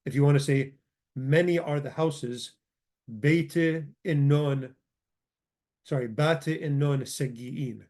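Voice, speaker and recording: A man's voice: a little high, slow pace, darkish tone. A man teaching a grammar lesson, explaining words patiently and often stopping to correct himself. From Chaldean community. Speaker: language teacher.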